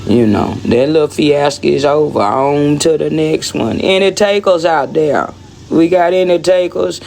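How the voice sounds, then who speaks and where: A woman's voice: sits low, slow, vocal fry, a little mellow. A woman ranting bluntly on a phone livestream, rambling and repeating herself as she talks straight to her viewers. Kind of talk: casual livestream rant.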